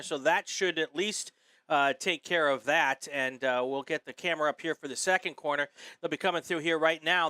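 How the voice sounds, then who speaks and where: A man's voice: fairly high pitch, pushed and bright, no echo. A man giving easygoing live play-by-play of a sports car race, with many fillers. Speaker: race commentator.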